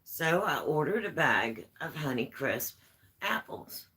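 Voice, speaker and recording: A woman's voice: low voice, sing-song, slow, a bit bright, low-quality recording. A woman vlogger chatting at home, telling homespun stories in a rambling, easygoing way. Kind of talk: casual storytelling chat.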